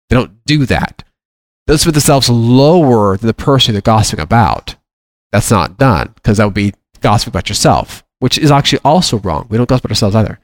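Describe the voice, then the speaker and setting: A man's voice: medium pitch, no room sound. A man teaching a Bible lesson, reading long scripture passages aloud and then explaining them in plain, earnest words.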